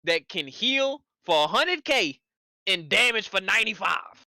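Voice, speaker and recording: A man co-hosting a casual gaming podcast, loud, profane and teasing. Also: high-pitched, very animated, unhurried, gravelly, no echo, studio quality. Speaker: podcast co-host.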